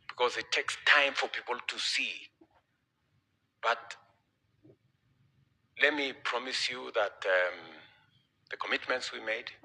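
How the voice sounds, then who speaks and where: A man's voice: medium pitch, sharp tone, breathy edge, poor audio. A man with a Kenyan accent giving an emphatic public speech to church leaders, repeating his key phrases. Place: conference hall.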